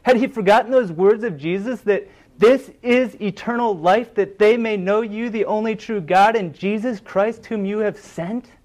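A man's voice: sits high, normal speed, darkish tone. A man preaching a sermon, retelling scripture in an earnest, dramatic way.

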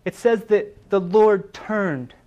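A man with a fairly high voice delivers a sermon. He retells scripture earnestly and builds drama as he goes. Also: takes it slowly, darkish tone, muffled recording. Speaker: preacher.

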